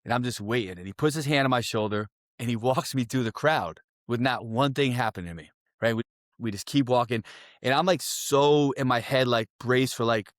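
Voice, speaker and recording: A young man from Connecticut telling a wild story on a podcast, animated and profane, full of "I'm like" and "right?". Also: mid-range voice, brisk, no echo, studio quality. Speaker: podcast guest. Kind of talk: casual storytelling.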